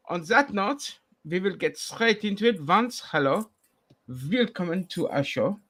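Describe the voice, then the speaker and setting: A man hosting a casual podcast chat, brash and sweary, swinging between loud bursts and mumbles. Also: sits high, expressive, unhurried. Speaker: podcast host.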